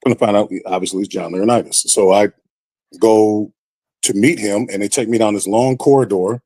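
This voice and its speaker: A man telling a story on a podcast in a casual, animated way, with lively acted-out quotes. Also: on the low side, a little fast, no echo. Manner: animated, acts out quoted voices. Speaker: podcast guest.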